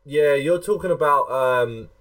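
A man's voice: fairly high pitch, measured pace, a bit bright. A man hosting a casual podcast, rambling and chatty, with many restarts and self-mocking asides. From England. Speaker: podcast host. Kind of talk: casual chat.

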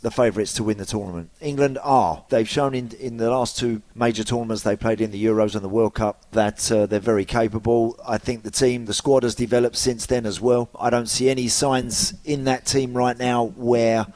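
A man giving measured football analysis as a pundit, careful with restarts. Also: medium pitch, steady tone, darkish tone, dry recording.

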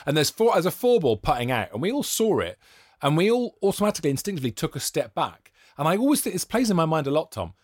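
A man's voice: a little high, fast, no echo, studio quality. A young man, a podcast co-host, telling stories in casual chat and acting out what people said. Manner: animated storyteller, acts out quoted voices.

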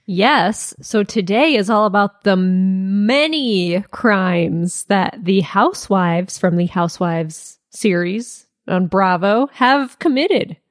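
A woman's voice: mid-range voice, lively intonation, slow pace, few pauses, dry recording, studio quality. A woman co-hosting a casual podcast, reacting with amusement and laughing often. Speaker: podcast co-host. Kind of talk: casual chat.

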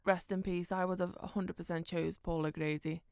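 A woman's voice: lowish voice, little pitch movement, normal speed, gravelly, a little mellow, no echo, studio quality. Upbeat woman podcast co-host. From Liverpool, England. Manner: upbeat and playful. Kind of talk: casual chat.

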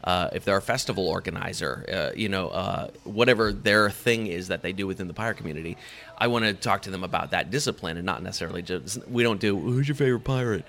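A man with a very low voice and a bright, forceful edge, chatting as a guest about his podcast. He rambles, restarts often and laughs easily. Faint background noise sits under the voice. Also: fast talker, vocal fry. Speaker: podcast host, guest on another show. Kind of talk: casual interview chat.

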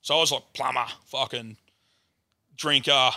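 Australian man, podcast guest, bright edgy tone, loose swear-heavy storyteller. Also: mid-range voice, fairly even intonation, unhurried, vocal fry, no room sound, studio quality. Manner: swears freely, rambling yarn-telling. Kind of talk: casual storytelling chat.

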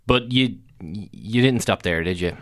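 A man's voice: on the low side, unhurried, fairly bright tone, no echo, clean studio sound. A man hosting a podcast who chats casually about football, teasing his co-host and telling stories with animation.

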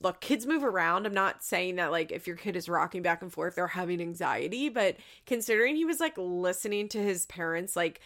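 A woman's voice: fairly low pitch, expressive, a little fast, few pauses, a bit bright. A woman recapping a reality show in a casual, sarcastic, rambling way, swearing and filling her talk with "like.".

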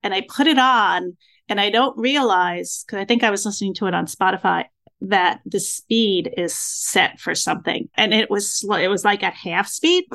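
Woman, 60s, podcast host; lively storyteller, average pitch. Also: normal speed, vocal fry. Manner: animated storyteller acting out her own reactions. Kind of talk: casual interview chat.

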